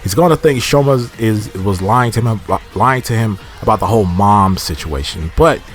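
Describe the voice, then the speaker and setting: A man's voice: on the low side, expressive, normal speed, soft background music. A man casually recapping a TV episode in a rambling, slangy way, often restarting his sentences. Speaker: TV episode reviewer.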